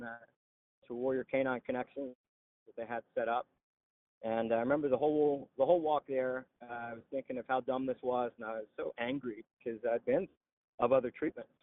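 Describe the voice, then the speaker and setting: A man's voice: mid-range voice, phone-quality sound. A man telling his own story in an interview, frankly and plainly, with frequent "uh" and "you know". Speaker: interviewee, veteran and dog trainer. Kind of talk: candid personal storytelling.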